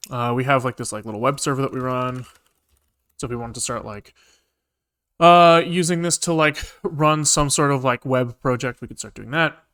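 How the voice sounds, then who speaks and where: A man's voice: mid-range voice, normal speed, fairly bright tone, clear, resonant tone. A man casually explaining his programming work on a live stream, talking loosely and thinking aloud with lots of filler words.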